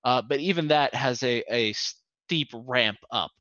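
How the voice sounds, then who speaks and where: A man's voice: mid-range voice, measured pace, sharp tone, dry recording, dull audio. A man narrating a tabletop game as game master, hesitant, with many fillers.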